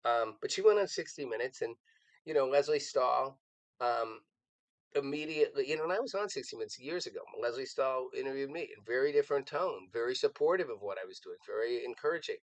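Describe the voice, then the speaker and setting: A man's voice: mid-range voice, expressive, fairly quick, dry recording, poor audio. Earnest rambling man commenting. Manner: earnest, rambling, with frequent restarts and repeated words. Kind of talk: political commentary on a live show.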